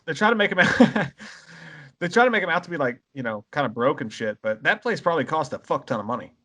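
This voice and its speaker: A man's voice: on the high side, animated, quick pace, pushed and bright. A man co-hosting a casual movie commentary, chiming in with profane remarks. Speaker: co-host.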